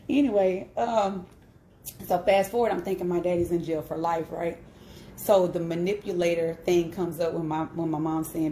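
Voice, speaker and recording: A woman's voice: lowish voice, steady tone, normal speed, warm tone, roomy sound, slight background noise. A woman in her thirties sharing a personal story on a live stream, candid and emphatic, often checking in with "right?". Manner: candid and emphatic, with frequent "right?" tag questions. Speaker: host.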